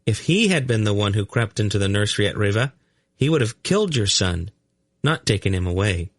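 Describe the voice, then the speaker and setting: Man doing a calm uncanny boy, raised husky voice, matter-of-fact, audiobook. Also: lowish voice, a little fast, no echo, studio quality, voice pushed up. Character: uncanny mind-reading blond boy, calm. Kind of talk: audiobook character voice.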